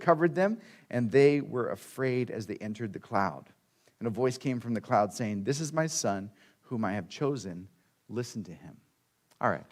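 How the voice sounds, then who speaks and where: A man pastor delivering a sermon in a relaxed, conversational way. He acts out people's lines and leans on dramatic pauses to tell the story. His voice sits at an ordinary middle pitch for a man.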